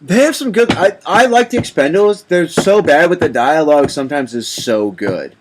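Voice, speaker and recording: A man's voice: a little high, animated, normal speed. Man co-host over background noise. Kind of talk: casual chat. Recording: noisy background.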